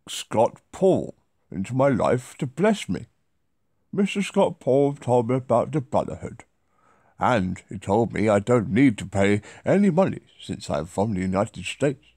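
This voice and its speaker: A man's voice: medium pitch, sing-song, unhurried, a little mellow, no echo, clean studio sound. A man doing Edward, a posh old gent. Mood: pompous.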